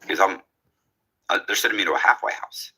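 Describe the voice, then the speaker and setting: A man with a low, husky voice talks fast through a long, casual story, animatedly acting out the lines of each person in it. It's a rough recording.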